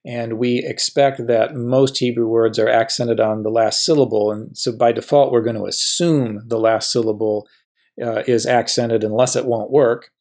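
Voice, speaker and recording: A man's voice: mid-range voice, steady tone, moderate pace, darkish tone. Man teaching a grammar lesson. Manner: patient, asks questions and answers them himself. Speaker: Hebrew teacher.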